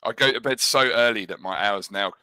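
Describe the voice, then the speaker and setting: A man on a late-night stream, joking in a deadpan way and calling people mate. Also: fairly low pitch, fairly quick, no room sound, low-quality recording. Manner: dry deadpan humor, calls people mate. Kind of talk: casual joking chat.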